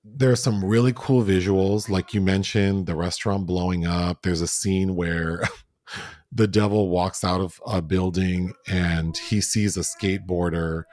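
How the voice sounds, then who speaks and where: A man co-hosting a film review podcast in casual chat, animated and acting out lines from the movie. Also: deep voice, unhurried, no room sound, clean studio sound. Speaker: podcast co-host.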